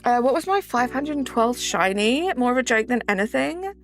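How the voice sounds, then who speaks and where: A woman's voice: a little high, animated, normal speed, soft background music. A woman with a Southern English accent, hosting a live stream in casual chat, greeting viewers by name and reading the chat aloud. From south of England.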